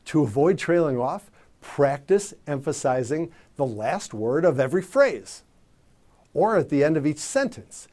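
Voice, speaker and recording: A man teaching communication skills in a measured, emphatic coaching manner. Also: on the high side, very animated, darkish tone. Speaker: communication trainer. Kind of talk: instructional presentation.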